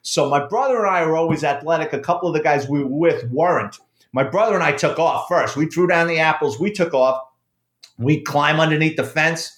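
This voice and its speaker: A middle-aged man, a former police officer and author, telling a profane, animated story in casual conversation. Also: a little high, fairly quick. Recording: roomy echo.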